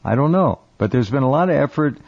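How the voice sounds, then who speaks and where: A man hosting a radio talk show, casual and halting, often restarting his phrases. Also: medium pitch, lively intonation, gravelly, a little mellow. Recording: dull lo-fi radio sound.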